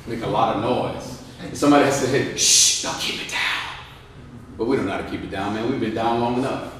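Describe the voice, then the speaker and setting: A veteran man giving a lively motivational speech, joking and asking the crowd questions. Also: lowish voice, fast talker, slight background noise. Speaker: guest speaker, veteran. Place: large indoor hall. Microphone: distant microphone. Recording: echoey hall, distant mic.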